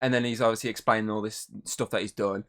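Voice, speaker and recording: A man co-hosting a podcast, chatting excitedly and rambling about a movie with lots of swearing. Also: fairly low pitch, fast talker. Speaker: podcast co-host. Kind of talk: casual movie review chat.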